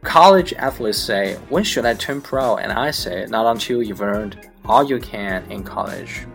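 A man whose first language is Chinese, reading a comic monologue aloud in English with a lively storytelling delivery. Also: on the low side, a little slow, gravelly, soft background music. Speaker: English learner practicing accents.

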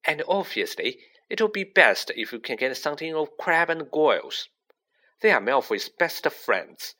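Brisk, know-it-all schoolgirl witch played by a male reader, lifted pitch, bright tone, audiobook. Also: big pitch swings, full character voice. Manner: matter-of-fact, brisk and stern. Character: bossy, brainy teenage schoolgirl witch. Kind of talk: audiobook character voice.

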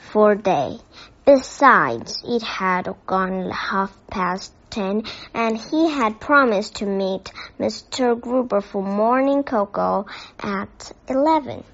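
A woman reading a children's novel aloud as a bedtime story, in gentle, steady narration. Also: mid-range voice. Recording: dull lo-fi recording.

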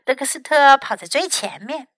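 Animated high-voiced woman storyteller. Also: moderate pace, no room sound, rough recording. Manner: expressive, animated. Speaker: English teacher and storyteller. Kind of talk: bilingual storybook reading.

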